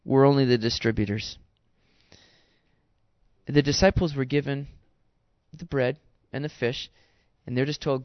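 A man's voice: mid-range voice, fairly even intonation, measured pace, pauses often, dry recording. A man preaching a sermon in an earnest, exhorting way, talking straight to his listeners. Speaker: pastor. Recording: dull dry sound.

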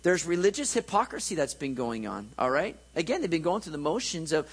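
A man's voice: fairly high pitch, very animated, brisk, breathy edge, low-quality recording. A man preaching a conversational sermon, joking and checking in with his listeners.

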